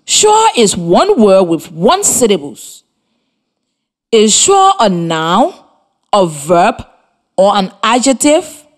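A woman from Liberia teaching a primary lesson over the radio, with slow, clearly articulated, encouraging instruction to children. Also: mid-range voice, very animated. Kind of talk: slow scripted classroom instruction. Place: radio studio with students present.

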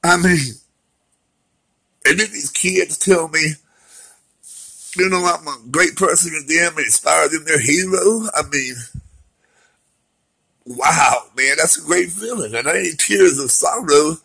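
A middle-aged vlogger shares his recovery story in a rambling, heartfelt, slangy monologue that is emotional and personal. His fairly high voice is a little slow, creaky, sharp and breathy at the edges, and he pauses often. The audio quality is poor.

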